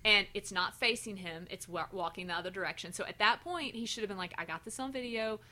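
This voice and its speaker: A woman co-hosting a podcast, chatting casually and telling stories with lively, animated delivery and frequent swearing. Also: mid-range voice, fast talker. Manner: animated storyteller, swears freely, laughs often. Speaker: podcast co-host. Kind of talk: casual chat.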